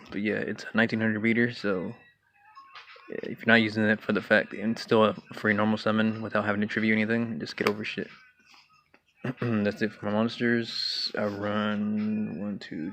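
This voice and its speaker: A young man casually walking through his card game deck, talking in a relaxed way with many fillers and throat clears. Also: lowish voice, moderate pace. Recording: dull lo-fi home recording with faint hiss.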